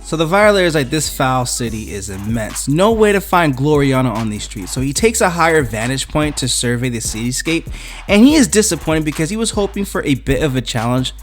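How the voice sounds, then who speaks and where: A man retells a comic book story in a casual, chatty way as a reviewer. His pitch swoops in an animated way, and faint music plays behind him.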